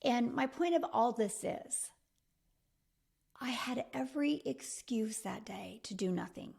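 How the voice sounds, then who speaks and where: A middle-aged woman delivers a motivational talk as a business mentor, her voice pitched a bit high. She is emphatic and repetitive and speaks directly to the listener as a friend. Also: lively intonation, measured pace, gravelly, darkish tone, breathy edge.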